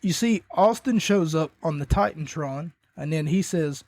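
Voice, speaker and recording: A man with a somewhat high voice talks through a wrestling recap in a loose, rambling podcast style. He keeps correcting himself and coughs between points. The sound is dry and close, with no room around it. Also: animated, normal speed, a little mellow, no room sound. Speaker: podcast host.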